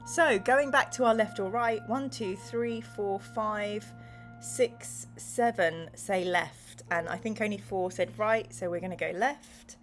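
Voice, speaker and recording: A woman's voice: medium pitch, slow pace, faint music behind. A woman hosting a livestream, reading viewers' chat messages aloud and narrating a gamebook in a bubbly, giggly way. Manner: giggly, laughs often, bubbly.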